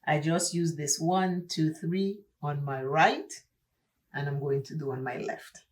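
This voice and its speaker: An accented woman with a low, unhurried voice chats through her makeup routine in a get-ready-with-me vlog. This beauty vlogger gets emphatic and preachy, repeating herself to drive points home.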